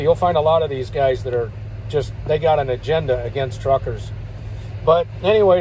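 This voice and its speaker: A man's voice: on the high side, a little mellow, a little hiss or hum, poor audio. An older man, a truck driver, telling stories in a rambling, folksy way and chuckling between remarks. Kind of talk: casual spoken storytelling.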